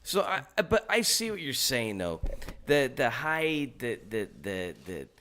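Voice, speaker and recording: A man hosting a podcast in relaxed conversation with friends. He stumbles over repeated words, swears freely and gets animated when he gets going. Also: mid-range voice, a little slow, a little hiss or hum. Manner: stammering, profane, animated. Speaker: podcast host. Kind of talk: casual chat.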